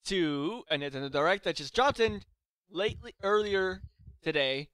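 A man hosting a casual reaction chat, excitable, playful and quick to laugh. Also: high voice, dry recording, clean studio sound. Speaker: streamer host.

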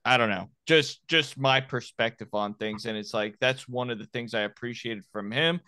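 A man's voice: medium pitch, moderate pace, sharp tone, smooth, no echo. Thirties guy from miami hosting a podcast, rambly and blunt, clean voice, dry mic. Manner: rambling, frank, full of restarts. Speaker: podcast host, former Marine. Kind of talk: casual podcast chat.

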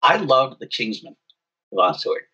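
A man's voice: mid-range voice, big pitch swings, normal speed, pushed and bright, highs cut off. An enthusiastic man talking as a panel guest. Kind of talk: casual panel chat.

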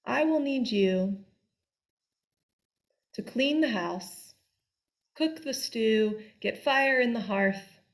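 Woman playing a hushed, menacing old witch. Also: on the high side, animated, heavily acted. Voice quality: hushed, half-whispered, slow menacing delivery. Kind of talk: storytelling.

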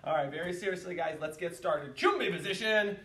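A man teaching an online martial arts class, counting reps and giving instructions with bursts of shouted yells. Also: fairly high pitch, a little fast, recorded from a distance. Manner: energetic, calls counts and shouts kiai yells. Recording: echoey room, voice away from the mic.

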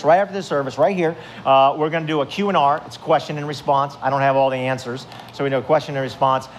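A pastor preaches to his congregation in an easy, chatty way, with a voice that sits a little higher than most men's. He tells stories and keeps asking his listeners questions. A faint noise sits under his voice. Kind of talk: conversational sermon. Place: church service before a congregation.

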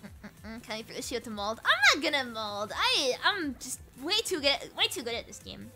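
A woman's voice: sits high, very animated, moderate pace, music in the background. A young woman streaming a video game live, reading the story dialogue aloud and chatting in a playful, giggly, self-mocking way. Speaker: VTuber streamer.

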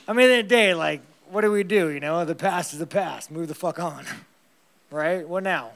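A fighter answering press conference questions in a blunt, rambling, heavily profane way, laughing often. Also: male voice, on the high side, moderate pace, creaky, fairly bright tone.

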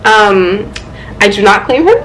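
A young woman chatting casually at home about her manga haul, excitable and playful, with loud exclamations and quick asides. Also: mid-range voice, a little hiss or hum, poor audio. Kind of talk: casual chat.

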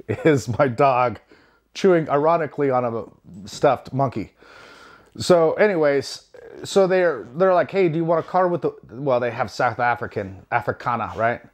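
Man, from the United States, casual storytelling, wry, rambling, lots of fillers, mid pitch. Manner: rambling, wry, self-deprecating, many fillers. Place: home.

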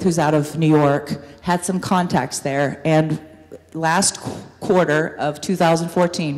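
A woman's voice: low voice, darkish tone. A woman giving an upbeat business presentation to an audience, with frequent ums. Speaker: guest speaker, business owner. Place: university hall. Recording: hall reverb from a room mic.

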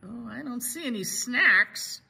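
A woman's voice: fairly high pitch, lively intonation, measured pace, gravelly, sharp tone, slightly rough, exaggerated voice. A woman voicing a hungry rabbit in a children's storybook read-aloud, complaining about food. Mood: grumbling. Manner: complaining, grumbling. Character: hungry rabbit who loves snacks.

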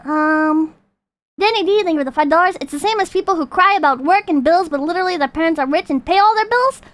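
A woman streamer ranting and reading chat in a profane, animated, casual way. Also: very high-pitched, fast, no echo.

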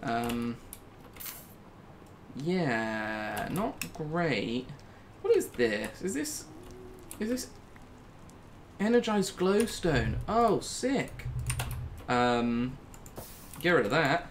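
A man giving casual, jokey commentary as he plays a video game, talking himself through it and breaking into high squeals when something startles him. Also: sing-song, drawn-out words, pauses often, slight background noise. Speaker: gaming YouTuber.

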